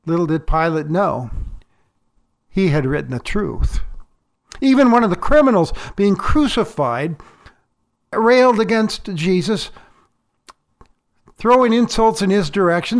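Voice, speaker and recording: A male pastor delivering a sermon in a measured, deliberate way, pausing for emphasis. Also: high voice, animated.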